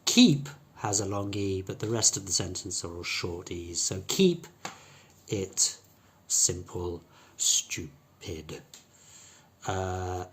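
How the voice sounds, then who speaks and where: A man's voice: fairly low pitch, husky. A man teaching English pronunciation, explaining patiently with fillers and restarts and demonstrating sounds by contrasting them. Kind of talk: pronunciation lesson.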